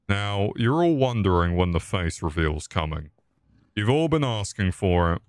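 A man's voice: low-pitched, sing-song, normal speed, no room sound, studio quality. A man streaming a game with casual, crude, joking commentary and frequent swearing.

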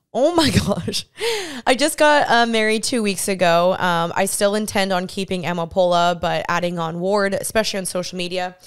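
A woman in her twenties hosts a casual solo podcast on a studio mic that's visible on camera. Her mid-range voice is clean, and she's chatty and bubbly, laughing often.

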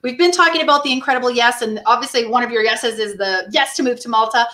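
Upbeat woman co-host, high bright voice, in a roomy echo. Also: quick pace. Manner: upbeat and encouraging. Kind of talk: live show interview.

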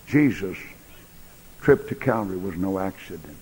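A man preaching a sermon in a large church, folksy, swinging between loud bursts and quiet asides. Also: medium pitch, lively intonation, unhurried, pauses often, husky. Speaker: pastor. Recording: echoey church hall recording.

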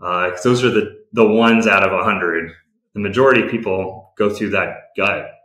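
Man, game company executive, candid, low voice, bright tone, roomy echo. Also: normal speed. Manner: candid, practical, with frequent restarts. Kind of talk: conversational interview answers.

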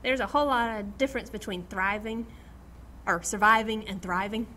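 A woman's voice: mid-range voice, normal speed, a little hiss or hum. A middle-aged woman teaching a Bible study to a small group, reading scripture aloud and acting out quotes with laughter. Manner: animated, acts out quotes, laughs often, reads scripture aloud.

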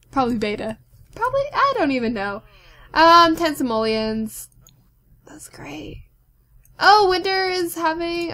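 High-voiced, chatty young woman. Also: fairly bright tone. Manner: chatty and giggly, rambling asides to viewers. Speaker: let's play host. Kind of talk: casual gameplay commentary.

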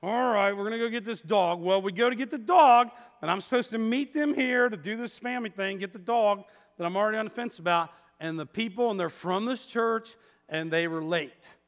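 A man's voice: sits high, a little fast. A man in his fifties preaching a sermon as pastor, telling stories in a conversational, self-mocking way. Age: 50s. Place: church sanctuary. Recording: long church hall reverb.

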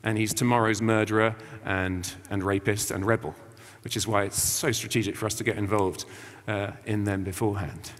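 In a church with long reverb, a visiting preacher from England gives an informal, chatty sermon packed with slang and acted-out quotes. His voice is on the low side and a bit bright, with a level tone at normal speed.

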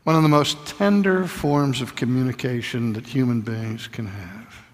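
An older man preaching a sermon, telling stories intimately and sometimes dropping to a soft whisper. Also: mid-range voice, moderate pace, big-room sound.

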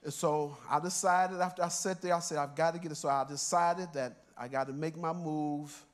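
A man's voice: fairly high pitch, steady tone, moderate pace. An older man, a church elder, preaching a sermon by telling a personal story in a conversational way and chuckling through his lines.

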